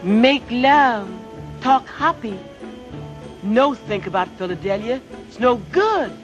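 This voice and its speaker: A pushy, middle-aged island mother coaxes in blunt broken English and speaks slowly. She talks in 1950s film musical dialogue over clear music. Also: a little high, animated. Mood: coaxing.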